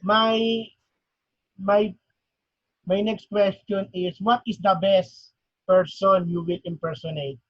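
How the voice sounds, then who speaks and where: A man hosting an interview show, asking questions in a halting way. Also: high voice, steady tone, no room sound, highs cut off. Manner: halting, repeats words before questions. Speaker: host.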